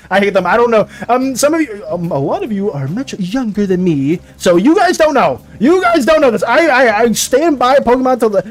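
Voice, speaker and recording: Young guy streaming his art, high voice that swings all over, gets heated and stammers a lot. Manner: excitable ranting, stammering restarts, frequent laughter. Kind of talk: casual live-stream chat.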